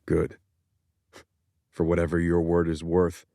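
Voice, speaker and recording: A man's voice: deep voice, completely flat delivery, a little slow, vocal fry, dry recording, clean studio sound. A man voicing a bitter, furious young son. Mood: cold. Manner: clipped, forceful and confrontational. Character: angry young adult son, bitter and cutting. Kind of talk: audiobook character voice.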